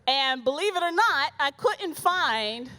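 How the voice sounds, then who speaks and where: A woman doing stand-up comedy on stage, her fairly high voice swooping up and down as she tells the story. She is sassy and animated and acts out the conversations in her tale. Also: measured pace. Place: stage before a live audience.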